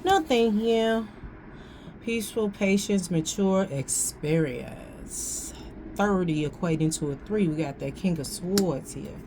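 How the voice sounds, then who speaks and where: A woman reads tarot in a slow, unhurried way, dwelling on each card. Her voice sits a little low, and her talk is slangy and loose, with phrases repeated as she works things out. A faint hum of the room sits behind her. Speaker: tarot reader. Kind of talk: casual tarot reading.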